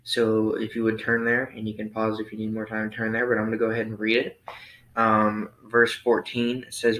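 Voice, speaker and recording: A young man reading scripture aloud and explaining it in a relaxed youth Sunday school lesson, thinking aloud with frequent ums. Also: lowish voice, normal speed. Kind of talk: Bible reading and casual lesson. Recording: roomy echo.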